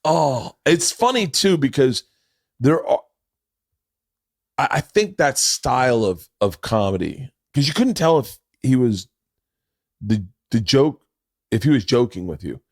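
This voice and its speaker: A man's voice: mid-range voice, sing-song, a little slow, gravelly, long pauses, no echo, studio quality. A man telling a rambling, profane anecdote as a podcast guest, full of restarts. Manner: rambling, profane, restarts a lot and breaks into laughter. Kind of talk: casual storytelling. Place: podcast studio.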